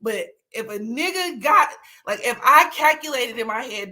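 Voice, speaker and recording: Bright-voiced young woman, candid and laughing. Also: a little high, lively intonation, moderate pace. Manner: candid storytelling with frequent laughter; swings into dramatic, teary mock outbursts. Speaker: livestream host. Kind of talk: casual chat.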